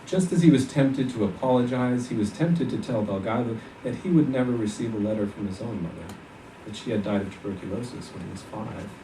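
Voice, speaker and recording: A man's voice: on the low side, fairly quick, warm tone, a little hiss or hum. A man giving a literary reading of his own fiction at a conference, telling the story steadily and evenly. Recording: echoey hall from far off.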